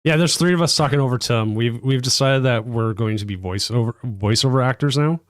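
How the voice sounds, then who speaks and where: A man's voice: mid-range voice, brisk, no echo. Joking man in dry stream banter. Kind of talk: casual stream chat.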